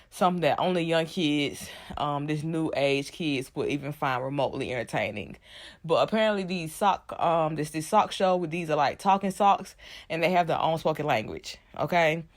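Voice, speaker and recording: A woman giving a casual, frank recap of a TV episode, cursing freely and filling pauses with "um" and "okay?". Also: sits low. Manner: loose, frank, profanity-laced, many "um"s and "okay?". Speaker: TV episode reviewer.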